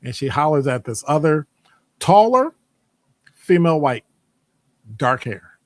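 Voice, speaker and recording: A man talking casually in a rambling monologue, animated and digressive, jumping into high voices when quoting people. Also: moderate pace, dry recording. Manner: conversational, digressive. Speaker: podcast host; academic department member.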